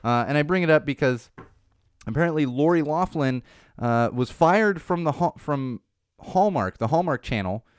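Rambling man with a smooth voice. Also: a little high, lively intonation, normal speed, dry recording, clean studio sound. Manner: rambling, self-interrupting, sarcastic asides. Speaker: podcast host. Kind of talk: casual entertainment news chat. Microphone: studio microphone.

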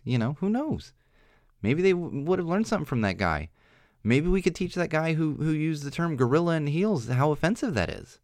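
Into a studio microphone, a young man offers his opinions in a solo podcast monologue, earnest, exasperated, and full of rambling restarts. The mid-range voice comes through dry and clean, with studio sound.

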